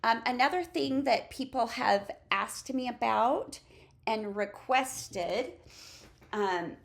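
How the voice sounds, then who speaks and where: A woman preschool teacher chatting through her classroom resources and acting out how she leads the children. Her voice sits a little high and has a creaky, gravelly edge. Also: slow pace. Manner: chatty, demonstrates classroom routines aloud. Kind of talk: casual classroom-resource walkthrough.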